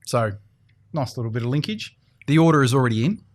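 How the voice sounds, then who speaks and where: A man's voice: medium pitch, lively intonation, fast. A man co-hosting a casual podcast in a golf studio, laid-back and joking. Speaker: podcast co-host. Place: indoor golf simulator studio.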